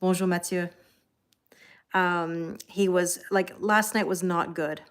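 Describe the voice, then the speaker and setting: A woman's voice: fairly low pitch, fairly even intonation, takes it slowly, smooth. A tired Canadian woman hosting a tarot livestream in casual chat, greeting viewers by name with frequent ums and light laughs.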